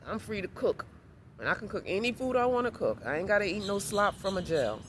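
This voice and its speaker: A woman's voice: mid-range voice, animated, a little fast. A woman vlogging in casual talk, rambling and repeating reassurances to herself. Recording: noisy outdoor street recording.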